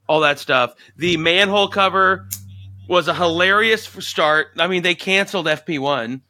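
A podcast co-host talks excitedly in a casual chat, swearing freely and rambling through filler words. His slightly high voice comes across bright and tense, at a normal speed. The recording is dry and close, with no echo.

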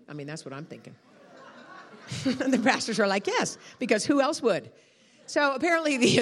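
A middle-aged woman preaching a sermon as a guest speaker, telling stories with laughter and exclamations. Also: lowish voice. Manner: animated storytelling, laughing and shouting.

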